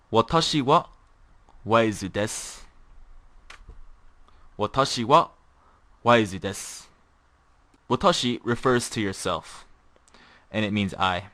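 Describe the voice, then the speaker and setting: A man teaching a casual podcast language lesson, informal and repeating example phrases slowly. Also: fairly low pitch, bright, forceful tone, no room sound.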